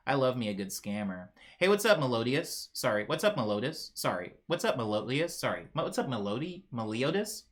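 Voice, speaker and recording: A man's voice: medium pitch, very animated, a little fast, hardly any pauses. A young man hosting a livestream, chatting casually and reading viewer comments in a playful, rambling way. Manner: playful, rambling, frequently laughing and mispronouncing names. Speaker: livestream host.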